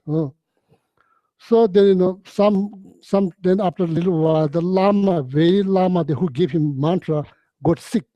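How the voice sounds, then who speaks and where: A man giving a Buddhist teaching, telling stories in halting, repetitive phrases with many "you know"s and frequent throat-clearing. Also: a little high, warm tone, no echo. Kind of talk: storytelling dharma talk.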